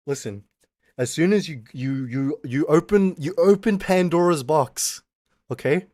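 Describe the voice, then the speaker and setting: A man from Australia, streaming and ranting through a casual story in an animated, profane way. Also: a little high, no room sound, studio quality. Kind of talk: casual ranting livestream chat.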